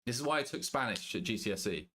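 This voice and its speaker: A young British man streaming a game, chatting casually with his viewers, joking, swearing and thinking out loud. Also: medium pitch, expressive, fast talker, slight background noise. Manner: banters with chat, swears casually, thinks aloud. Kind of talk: casual live-stream chat.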